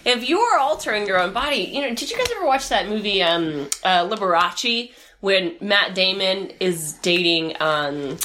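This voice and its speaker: A woman's voice: medium pitch, animated, moderate pace, hardly any pauses, pushed and bright, a little hiss or hum. A woman co-hosting a comedic advice podcast, rambling with lots of fillers. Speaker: podcast co-host. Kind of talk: casual comedic advice chat.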